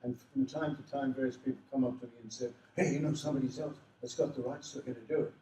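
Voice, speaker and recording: Casting: older Australian man, animated raconteur, roomy hall, mic set back from him. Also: mid-range voice, quick pace, distant mic, slight background noise. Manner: animated, does voices of people in his stories. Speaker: convention panel guest. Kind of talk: storytelling anecdotes to a live audience. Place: convention hall.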